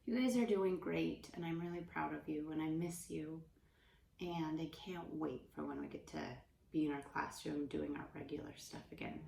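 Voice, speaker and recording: A young woman teaching kindergarten from home, speaking gently and slowly with soft whispers to encourage the children. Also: deep voice, fairly even intonation, creaky, roomy sound, recorded from a distance, slight background noise. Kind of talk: remote class lesson for young children. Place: room at home.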